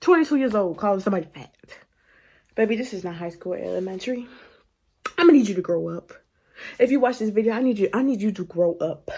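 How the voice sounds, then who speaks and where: A woman in her twenties talks straight to her camera in a loose storytime vlog, sassy and animated. Her pitch sits in the middle, and she sighs, laughs and sometimes drops to a hushed aside. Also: fast talker, breathy edge. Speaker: vlogger telling a story.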